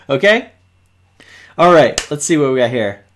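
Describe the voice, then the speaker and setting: A faint hiss or hum sits under this man's mid-range voice as he teaches kids to code on a live stream. Acting as host and teacher, he goes step by step with patience and speaks directly to those watching.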